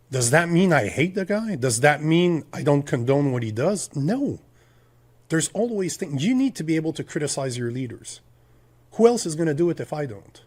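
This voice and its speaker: A man's voice: on the high side, darkish tone. Ranting French Canadian man. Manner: emphatic, ranting, rhetorical questions. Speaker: podcast co-host. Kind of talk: political podcast talk.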